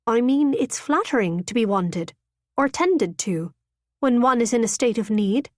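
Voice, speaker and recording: A husky, breathy young woman talks in a sleepy, tender way, as a woman narrator puts her on. She is frank and unhurried, with a soft, intimate tone. The recording is dry and close, with no room sound. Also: on the high side, animated, no echo, voice pushed up.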